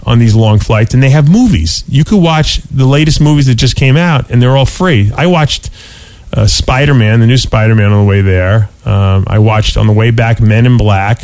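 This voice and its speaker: A man's voice: mid-range voice, normal speed, darkish tone, no room sound. A man chatting casually as a podcast co-host, telling stories with many restarts and fillers. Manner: rambling storyteller, lots of restarts and "you know". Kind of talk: casual chat.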